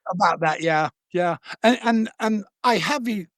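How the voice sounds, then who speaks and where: A middle-aged man with a voice that sits high tells his story as an interview guest, speaking at a measured pace. He's animated and stammers as he acts out other people's voices, captured in clean studio sound with no echo.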